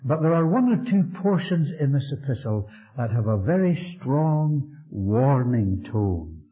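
Fervent preacher man, lively pitch. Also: unhurried. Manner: fervent, emphatic preaching with rising and falling delivery. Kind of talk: sermon. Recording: dull lo-fi recording.

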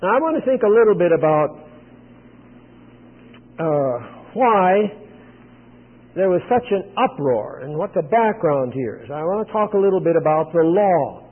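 A man preaching a sermon, retelling a scripture scene in plain storytelling with frequent pauses. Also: high-pitched, animated, slightly rough. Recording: tinny phone-like sound with long hall reverb.

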